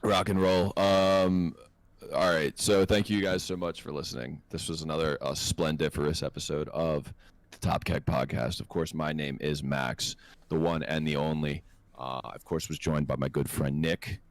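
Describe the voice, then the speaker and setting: A man with a very low voice tells a story with lots of swearing and laughter. He is a casual podcast host who gets animated at the funny parts. The recording is dry and close. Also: moderate pace, no echo. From North America.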